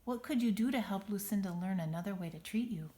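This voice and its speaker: A woman's voice: mid-range voice, quick pace, warm tone, close to an everyday voice. A woman voicing a kind, patient female schoolteacher who speaks soothingly. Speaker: teacher.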